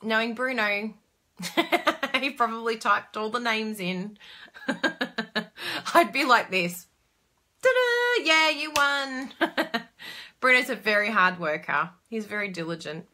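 Bright, chatty woman hosting a live stream, bubbly and quick to exclaim. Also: medium pitch. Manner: bubbly, chatty, reads viewer comments aloud; frequent laughs and excited exclamations. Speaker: crafting live-stream host. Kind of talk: casual live-stream chat.

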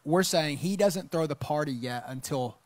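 A man's voice: a little high, moderate pace, no echo. A man speaking as a pastor in a conversational sermon on a church stage, enthusiastic and affirming.

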